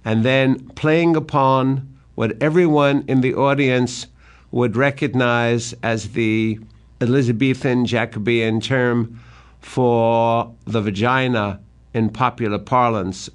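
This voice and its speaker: Male lecturer, unhurried and measured, mid-pitched, lifts into dramatic emphasis on quoted verse. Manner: deliberate, rising dramatically when quoting verse. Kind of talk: literary lecture.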